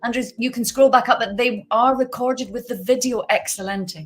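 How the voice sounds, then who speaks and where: A woman's voice: fairly high pitch, steady tone, a little fast, soft background music. A middle-aged woman voice actor chatting casually on a livestream, rambling and laughing often. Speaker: guest voice actor.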